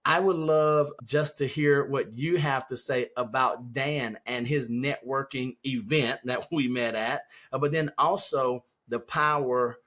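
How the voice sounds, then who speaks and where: A man's voice: mid-range voice, steady tone, measured pace, hardly any pauses, fairly bright tone. A man co-hosting a podcast, chatting casually and telling stories with emphasis. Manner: storytelling, emphatic. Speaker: podcast co-host.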